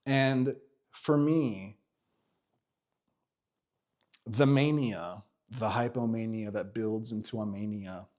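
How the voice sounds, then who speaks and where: A man in his thirties telling a personal story in a candid vlog, animated, swearing freely and full of fillers and restarts. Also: on the low side. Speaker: vlogger.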